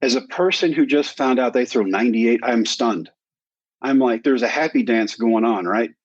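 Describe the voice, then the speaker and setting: A man's voice: mid-range voice, moderate pace, husky, no room sound. A man around sixty, a guest in a sit-down conversation, telling a personal story with animation and acting out the dialogue. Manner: animated storyteller who acts out quoted dialogue. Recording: dry, slightly dull recording.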